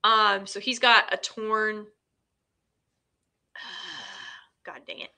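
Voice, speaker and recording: A woman's voice: medium pitch, expressive, drawn-out words, gravelly, bright, forceful tone. A woman hosting a casual film recap, chatty and full of fillers, retelling scenes in quoted dialogue. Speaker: host.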